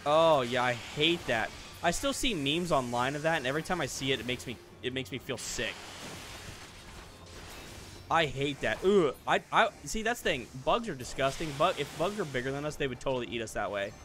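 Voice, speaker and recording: A young man hosting a let's play, chatting casually and joking, then bursting into loud shouts. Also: medium pitch, animated, moderate pace, faint music behind. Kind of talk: casual gaming chat.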